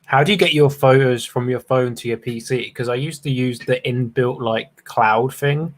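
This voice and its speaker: A man's voice: medium pitch, moderate pace. Curious British man in casual chat. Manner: chatty, curious, asks lots of questions.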